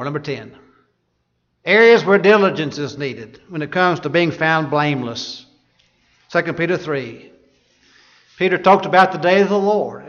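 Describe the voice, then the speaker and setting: The dull lo-fi recording captures a man's fairly high, fairly bright voice as he preaches. He reads scripture aloud and poses rhetorical questions to his listeners.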